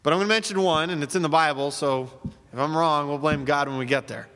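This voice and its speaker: Bright, high-voiced male preacher. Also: fast, in a large hall. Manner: emphatic preaching with rhetorical questions. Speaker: pastor. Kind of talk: sermon.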